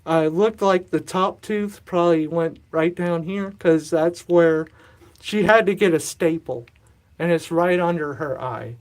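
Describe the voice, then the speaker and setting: Slightly out of breath, a man in his thirties rambles through a casual livestream chat from a warm, humid indoor room. His voice is on the high side and a little slow. He peppers his talk with asides and self-deprecating remarks.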